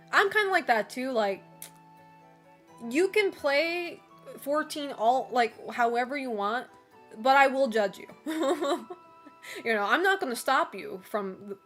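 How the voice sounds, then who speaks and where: A woman with a slightly higher voice talking casually on her stream, leaning on "like" and "you know" and laughing often between remarks. Soft music plays low in the background. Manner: loose and chatty, full of "like" and "you know". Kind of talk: casual chat with a live chat.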